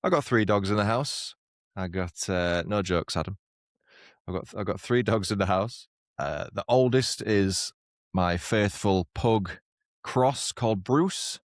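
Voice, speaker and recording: A man with a lowish voice chats easily as a podcast co-host and often breaks into laughter at his own jokes. The sound is dry and close, with no room around it. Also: measured pace, dry recording. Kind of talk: casual chat. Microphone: lapel mic on walks, studio mic here.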